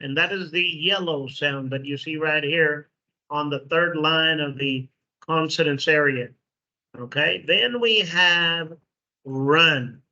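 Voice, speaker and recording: A Mexican man whose first language is Spanish teaches English sounds in a classroom phonetics lesson. His voice is sharp, bright and fairly high, and he speaks really slowly, repeating sounds and checking in with "okay." The lo-fi recording sounds dull and muffled.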